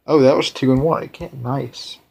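A man hosting a let's play, rambling and correcting himself as he plays, with excitable outbursts. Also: mid-range voice, moderate pace, vocal fry, breathy edge. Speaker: gaming channel host.

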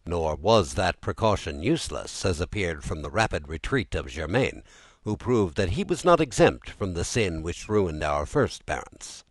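A man narrating a classic novel as an audiobook in an expressive, theatrical reading. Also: low-pitched, moderate pace, dry recording.

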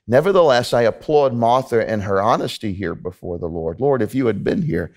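A man's voice: medium pitch, lively intonation, brisk, darkish tone. A man preaching a sermon in a church, talking earnestly and conversationally to the congregation, often repeating himself. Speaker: pastor. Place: church sanctuary.

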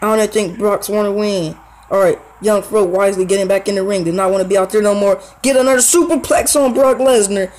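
A man's voice: high-pitched, fast, poor audio. A young man giving casual, slangy play-by-play commentary on his own wrestling video game match. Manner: slangy, excitable play-by-play with fillers. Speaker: gaming YouTuber.

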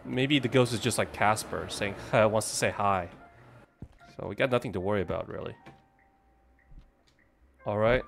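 A man's voice: fairly low pitch, normal speed, creaky, pauses often, a bit bright, faint music behind. A man streaming a game, chatting to viewers and reacting to what happens on screen. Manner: chatty, talks to chat and game characters, startles easily. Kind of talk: live game stream commentary.

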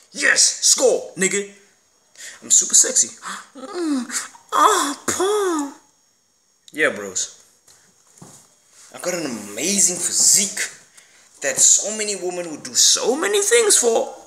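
A man delivering an emphatic, animated motivational vlog monologue, swearing casually as he talks. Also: high voice. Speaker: motivational vlogger.

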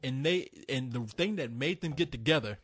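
A man's voice: mid-range voice, animated, normal speed, fairly bright tone, husky. A man hosting a podcast, telling rambling comic stories full of restarts and profanity. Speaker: podcast host. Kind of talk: casual comedic chat.

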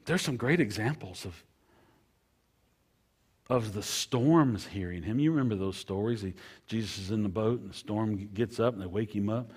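Husky-voiced man preaching with cadence. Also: lowish voice, moderate pace. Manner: preacher cadence, repetitive, swings from loud to hushed. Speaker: pastor. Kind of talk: sermon.

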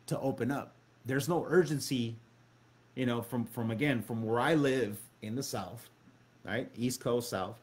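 A man's voice: mid-range voice, normal speed. A man hosting a casual chat, retelling a conversation and quoting it back and forth with many restarts.

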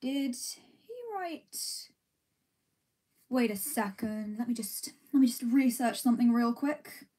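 A woman's voice: on the high side, fairly even intonation, moderate pace, warm tone. A young woman chatting casually on a livestream while eating ice cream, reading comments and answering in a rambling, giggly, self-deprecating way. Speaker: streamer.

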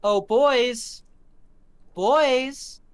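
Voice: mid-range voice, extremely slow, clear, resonant tone, pitched above the performer's own voice. Game master doing a cocky street tough. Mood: taunting.

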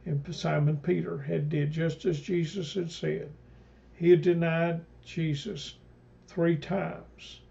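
A man teaching a Bible study in a slow, deliberate, halting way, full of fillers and restarts. His voice is deeply gravelly with a dark, mellow tone and sits a little on the high side for a man. The recording sounds dull and lo-fi. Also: level tone. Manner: retells scripture, quoting speakers in old-fashioned phrasing. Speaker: pastor leading Bible study. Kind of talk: mid-week Bible study talk.

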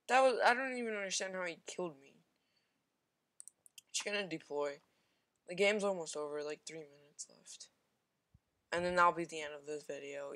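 Narrating his own shooter match, this gamer rambles loosely, thinks aloud, and pokes fun at his mistakes. His ordinary middle-pitched voice has a fairly bright tone, full of ums, likes, and repeated quick exclamations.

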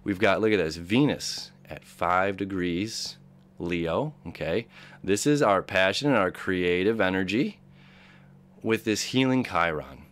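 A man's voice: low-pitched, a bit bright, smooth. Rambling upbeat man reading horoscopes. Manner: rambling, upbeat, many fillers and acted-out inner voices. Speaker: astrology channel host. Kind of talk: casual spoken astrology reading.

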